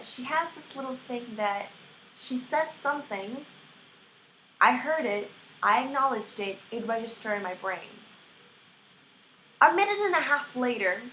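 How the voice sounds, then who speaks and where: A woman's voice: medium pitch, slight background noise. Young woman ranting w put-on american accent, cussing, fed up, echoey room. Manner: exasperated, swearing, animated ranting. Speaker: vlogger. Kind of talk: ranting to camera.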